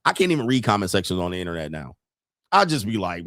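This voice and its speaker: A man hosting a casual commentary show, talking bluntly and profanely, laughing often and rising into animated disbelief. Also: sits low, fast, no echo, studio quality. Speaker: podcast host.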